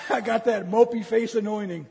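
A man's voice: high voice, normal speed, vocal fry, dark tone, a little hiss or hum. A man preaching a humorous sermon, teasing the congregation and acting out grumbling complaints. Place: church sanctuary. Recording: reverberant church hall.

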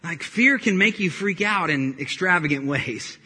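A man's voice: sits high, animated, measured pace, sharp tone, breathy edge. A man in his thirties preaching a sermon in a casual, joking storytelling way, recorded in a reverberant church hall. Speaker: pastor.

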